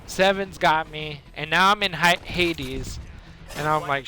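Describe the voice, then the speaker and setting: A man streams a video game while telling a rambling made-up story, slipping in quick voices for the people in it. His voice sits a little high and stays animated throughout. Game gunfire and ambience come through clearly behind him. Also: a little hiss or hum. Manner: animated, jumps between voices and laughs. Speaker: gaming streamer.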